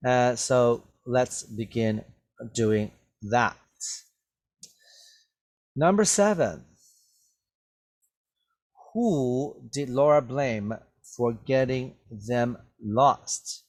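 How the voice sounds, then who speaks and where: Slow, patient male English teacher. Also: mid-range voice, animated, darkish tone. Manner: slow, patient, checks understanding with "right?" and "okay?". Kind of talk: vocabulary lesson.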